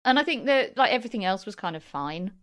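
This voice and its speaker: A woman's voice: medium pitch, big pitch swings, quick pace, fairly bright tone, smooth. A woman co-hosting a podcast, chatting casually about a film and laughing often. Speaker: podcast co-host.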